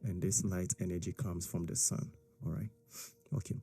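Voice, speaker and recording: A man's voice: low voice, fairly even intonation, normal speed, mellow, husky, faint music behind. A man explaining a science lesson step by step, checking in often with "all right?" and "okay?". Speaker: science teacher.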